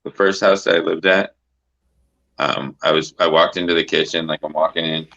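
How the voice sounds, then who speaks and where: A man's voice: a bass voice, fairly even intonation, normal speed, vocal fry, pushed and bright. A man hosting a casual livestream chat, rambling and swearing with lots of filler words. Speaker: host. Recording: dull lo-fi stream audio.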